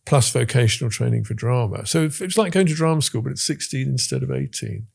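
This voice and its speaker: Guest: man in his 60s, gravelly voice, lively and self-deprecating storyteller. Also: medium pitch, quick pace. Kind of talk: casual chat.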